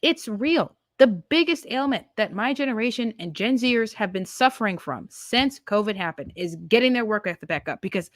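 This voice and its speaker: A woman's voice: mid-range voice, lively intonation, fairly quick, few pauses, dry recording, studio quality. A woman in her twenties hosting a podcast, giving a heated, emphatic political monologue full of rhetorical questions. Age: 20s. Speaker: podcast host.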